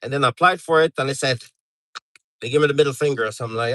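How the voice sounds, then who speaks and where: A man's voice: mid-range voice, fast, pushed and bright, no room sound, poor audio. A middle-aged man from Canada chatting casually on a live stream, rambling with lots of fillers and restarts.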